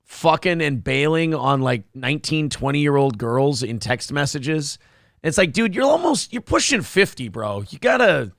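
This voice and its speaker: A man's voice: a little high, sing-song, normal speed, creaky, a bit bright, no echo, studio quality. A man co-hosting a casual comedic morning show, riffing profanely and acting out quotes. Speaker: co-host. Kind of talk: casual comedic news chat.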